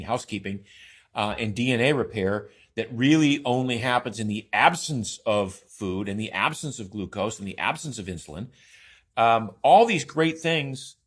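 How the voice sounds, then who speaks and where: A man in a relaxed podcast conversation, speaking at an ordinary middle pitch. He explains with enthusiasm, piling up long lists and circling back with restarts and fillers. His delivery stays emphatic and persuasive. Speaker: podcast guest, co-author of a diet book.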